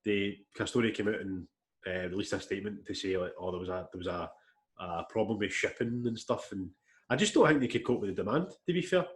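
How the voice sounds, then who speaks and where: Fast-talking blunt young Scottish man. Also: lowish voice. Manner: fast, blunt, swears casually. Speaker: podcast co-host. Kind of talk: casual chat.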